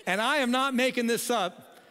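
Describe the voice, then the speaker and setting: High-voiced man preaching, echoing hall. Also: normal speed, bright, forceful tone, a little hiss or hum. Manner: humorous storytelling with frequent "okay?" asides. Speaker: pastor. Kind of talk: sermon. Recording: long hall reverb.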